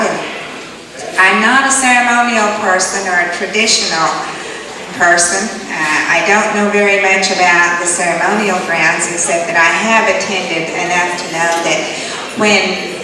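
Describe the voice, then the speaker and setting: A woman's voice: medium pitch, moderate pace. A woman telling stories to an audience in a plain, conversational, explanatory way. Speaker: storyteller. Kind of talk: storytelling talk to an audience. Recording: echoey hall, distant mic, noise.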